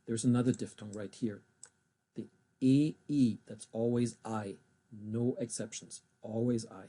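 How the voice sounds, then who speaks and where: Husky man teaching German pronunciation. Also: medium pitch, fairly even intonation, mellow. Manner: slow careful spelling and pronunciation of German words. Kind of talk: recorded language lesson.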